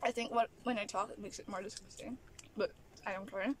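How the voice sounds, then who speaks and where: This vlogger, a woman from the Philippines, uses a medium-pitched, fairly quick voice with fairly even intonation, and a faint hiss or hum is audible. She rants in exasperation during a casual eating vlog, chewing between remarks and laughing frequently, filmed by a camera at an angle.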